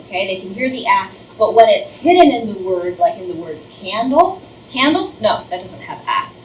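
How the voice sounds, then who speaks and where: A woman's voice: medium pitch, very animated, moderate pace. A middle-aged woman, a first grade teacher, giving a training lecture on reading and demonstrating sounds. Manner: explains with demonstrations, overemphasizes sounds. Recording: roomy, distant, faint noise.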